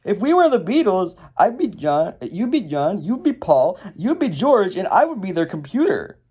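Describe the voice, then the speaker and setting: A man voicing a chipper, matter-of-fact male robot ninja from an animated toy movie. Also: sits high, normal speed, breathy edge, voice pushed up, heavily acted.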